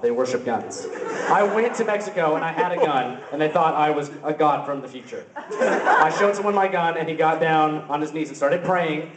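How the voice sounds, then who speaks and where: A young man doing open-mic stand-up comedy, rambling absurdly with lots of fillers. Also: fairly high pitch. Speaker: stand-up comic. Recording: roomy, distant, noisy camera recording.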